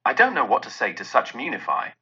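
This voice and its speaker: A man voicing a portly old gentleman who speaks with breathless astonishment, in a dull lo-fi recording. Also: mid-range voice, wildly swooping pitch, fast, slightly rough, heavily acted. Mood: astonished.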